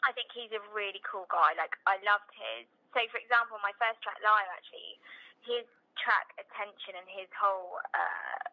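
A woman's voice: medium pitch, normal speed, vocal fry. Bubbly young London woman, lo-fi radio. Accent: London English. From England. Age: 20s. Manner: bubbly, chatty, laughs often, slangy. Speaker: singer guest. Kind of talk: casual interview chat. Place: radio studio.

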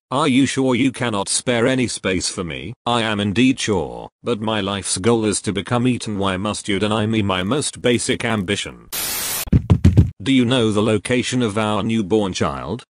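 Man, lowish voice, pompous wordy comic dub, faint hiss. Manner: formal, overly wordy delivery. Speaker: voice actor dubbing a comedy sketch parody. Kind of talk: comedic dub of cartoon sketches.

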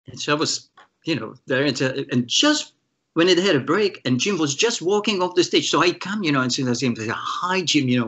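A Czech guitarist appearing as a guest in an interview tells animated stories, acting out the voices of the people he quotes and restarting often. His pitch is medium, and the sound is lo-fi.

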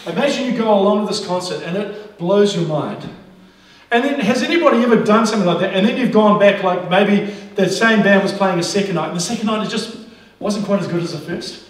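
Excitable male preacher, high and bright, booming around a big reverberant church. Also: a little fast. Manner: energetic, exclamatory preaching with frequent laughter. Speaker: pastor. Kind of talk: sermon. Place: large church auditorium. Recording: very echoey hall, mic at a distance.

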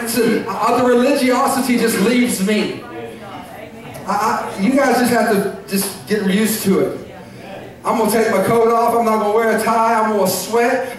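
A man preaching a sermon as pastor, earnest and emotional, with bursts of shouting and laughter. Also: sits high. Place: church sanctuary. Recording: echoey church recorded from far off.

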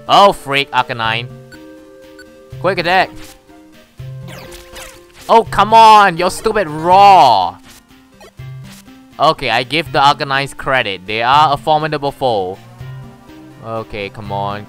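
A man's voice: mid-range voice, pushed and bright. Exasperated man playing a game. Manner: exasperated, mild swearing. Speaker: gamer. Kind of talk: casual let's-play commentary.

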